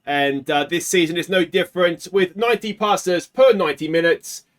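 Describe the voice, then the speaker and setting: An Australian man hosting a let's play, talking casually through a game and swinging from quiet muttering to anguished shouts. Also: high-pitched, normal speed.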